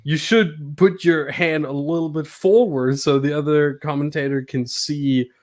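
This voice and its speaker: A man's voice: fairly high pitch, fairly even intonation, measured pace. A man hosting a casual podcast, talking about commentary in a playful, teasing way and laughing often. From not British. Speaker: podcast host and sim racing commentator.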